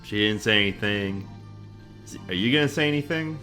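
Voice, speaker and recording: A man's voice: fairly low pitch, animated, a little fast, bright, forceful tone. A man hosting a blind let's play, chatting casually and apologizing for his character voices. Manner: self-deprecating, apologetic. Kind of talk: casual gameplay commentary. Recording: faint game music underneath.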